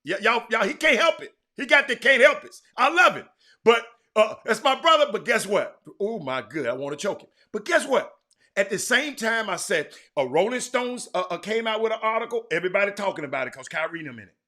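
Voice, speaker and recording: A man hosting a live sports talk show, chatting with viewers by name, animated and repeating words as he goes. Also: high voice, fairly quick. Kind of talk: live-stream chat with viewers.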